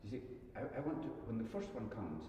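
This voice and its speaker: A man giving a guitar masterclass, coaching a student in a gentle, encouraging way and often restarting his sentences. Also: on the low side, huge pitch swings, fast talker, slight background noise. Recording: distant mic, echoey hall, muffled sound, guitar music.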